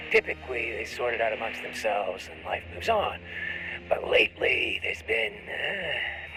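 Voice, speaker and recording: A man's voice: deep voice, voice pushed down, low-quality recording. A man voicing a grizzled male huntsman who gives a wry, drawling mission briefing heard through a ship's speakers. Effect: played through ship speakers.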